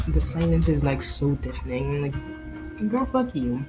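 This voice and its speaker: A woman's voice: deep voice, big pitch swings, a little slow, music in the background, poor audio. A woman playing through a visual novel, reading it aloud and adding profane joking asides, with some stutters. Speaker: game streamer.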